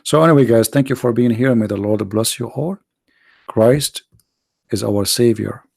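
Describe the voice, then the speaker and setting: A man's voice: medium pitch, normal speed, gravelly, darkish tone, no room sound, studio quality. A male video host and preacher talking in a sarcastic, mocking monologue full of rhetorical questions, his voice sounding tired.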